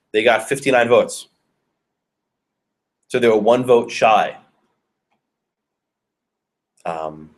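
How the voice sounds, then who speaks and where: A male law professor giving a conversational classroom lecture and questioning his students. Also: on the low side.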